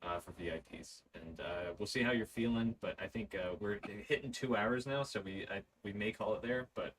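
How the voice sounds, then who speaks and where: A man's voice: on the low side, moderate pace, fairly bright tone, a little hiss or hum, poor audio. A man hosting a livestream, relaying viewer comments in an upbeat way and laughing easily. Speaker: livestream host.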